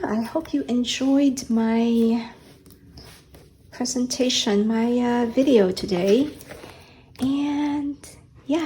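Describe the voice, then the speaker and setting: A woman hosting a casual vlog, talking slowly and hesitantly with many ums and restarts. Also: mid-range voice, mellow, low-quality recording. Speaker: art channel host. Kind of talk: casual show-and-tell vlog. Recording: faint background noise.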